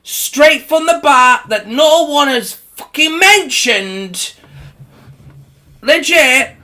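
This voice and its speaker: A man's voice: very high-pitched, lively intonation, extremely slow, bright, forceful tone. A man ranting casually about horror movies, swearing often and laughing between his points, sometimes mocking people in put-on voices. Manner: mocks others with put-on voices. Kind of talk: profane casual rant.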